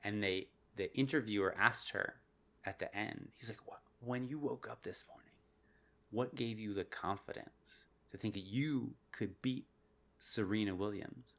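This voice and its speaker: A man being interviewed on a podcast as a neuroscientist, explaining in an animated way and laughing often. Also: lowish voice, unhurried. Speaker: guest neuroscientist.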